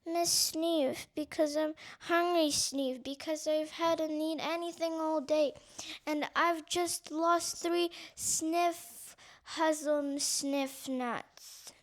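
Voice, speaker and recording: A woman voicing a small, frightened but clever female mouse in a storybook, with a high, sniffling, whimpering voice. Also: steady tone, slow. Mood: tearful.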